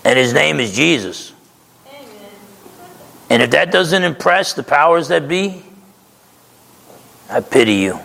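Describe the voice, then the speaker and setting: A man's voice: fairly high pitch, sing-song, slow pace, creaky, pauses often, fairly bright tone. A man in his sixties from New Jersey, preaching a conversational, emphatic sermon as a pastor. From New Jersey, USA. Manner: conversational, emphatic, keeps asking "okay?". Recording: reverberant hall.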